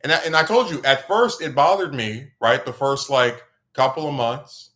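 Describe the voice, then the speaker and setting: A male podcast host in loose, casual conversation. He rambles through a story, and his voice leaps higher whenever he gets worked up. His pitch sits in the middle range. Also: moderate pace. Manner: rambling, animated, voice jumps up when excited.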